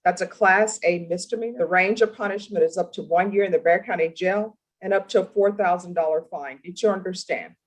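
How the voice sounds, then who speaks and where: A woman judge in a courtroom, asking formal, deliberate questions in a stern manner. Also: on the low side, low-quality recording. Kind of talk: courtroom plea hearing.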